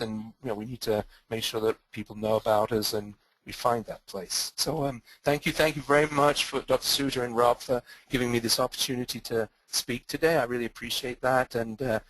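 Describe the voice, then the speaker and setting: An older man with a mid-Atlantic accent speaks in a webinar talk and Q&A. His pitch sits in an ordinary middle range. He rambles and hesitates, full of fillers and restarts. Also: fairly even intonation, moderate pace, few pauses, fairly bright tone, no room sound, low-quality recording. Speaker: guest speaker.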